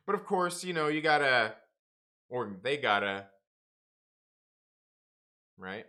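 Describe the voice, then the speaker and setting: A man's voice: medium pitch, sing-song, takes it slowly, pauses often, bright, forceful tone. A man hosting a comics livestream, chatting casually with viewers, laughing often and calling people man and bro. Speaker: comics review livestream host.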